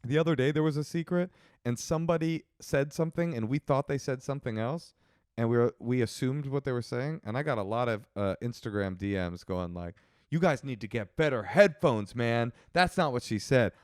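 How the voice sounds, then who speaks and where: Guy cohosting a podcast, smooth clear voice, dry close sound, jokey and chatty. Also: medium pitch, darkish tone, no room sound. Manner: chatty, jokey, quick asides. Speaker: podcast co-host. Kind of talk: casual chat.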